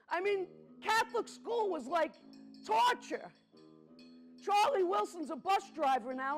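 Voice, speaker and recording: A middle-aged Bronx woman performs solo on a theatre stage, telling stories conversationally and addressing the live audience directly. She slows down to emphasize points, and her voice is very high-pitched.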